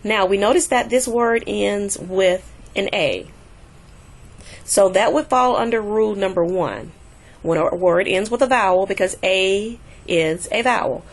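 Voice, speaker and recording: A woman teaching a recorded language lesson, patiently repeating example words slowly to show the stress. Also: medium pitch, lively intonation. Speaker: Spanish teacher.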